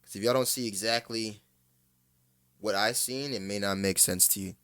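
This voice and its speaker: A man's voice: lowish voice, fairly even intonation, moderate pace, a bit bright, smooth, dry recording, clean studio sound. A man giving casual reaction commentary, blunt, opinionated and profane.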